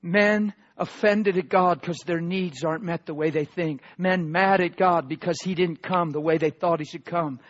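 A pastor preaching a sermon, swinging from loud emphatic proclamations to hushed asides. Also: male voice, on the high side, fairly even intonation, moderate pace, few pauses, muffled recording.

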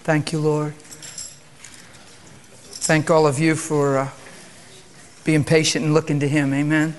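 A man leads a sermon in a hushed, reverent manner, calm and subdued. His voice sits a little higher than most men's. He drifts in and out of prayer. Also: unhurried. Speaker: preacher.

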